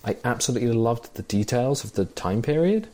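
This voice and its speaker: A man's voice: medium pitch, lively intonation, fairly quick, warm tone. A man chatting enthusiastically about a film, recounting the small details he loved. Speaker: film podcast co-host. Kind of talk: casual conversation.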